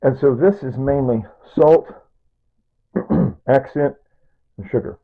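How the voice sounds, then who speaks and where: A man's voice: medium pitch, takes it slowly, gravelly. A man in his sixties, chatting casually while he cooks a stew, rambling through asides and chuckling at his own jokes. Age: 60s. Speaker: home cooking vlogger. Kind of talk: casual cooking demonstration. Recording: tinny, phone-like sound.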